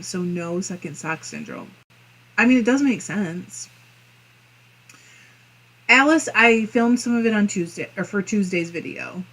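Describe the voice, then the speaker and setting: Laughy lady host chatting thru viewer comments on a craft stream, slow easy pace, mid pitch. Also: a bit bright. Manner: giggly, often laughing and coughing between comments. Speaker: fiber arts channel host. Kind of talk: casual livestream chat, reading viewer comments aloud.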